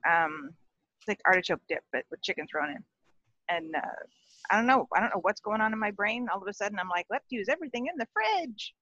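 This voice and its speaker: A woman's voice: mid-range voice, expressive, a little fast, bright, forceful tone, no echo. Chatty woman on a dull video call. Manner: chatty, rambling. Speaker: podcast co-host. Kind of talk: casual chat.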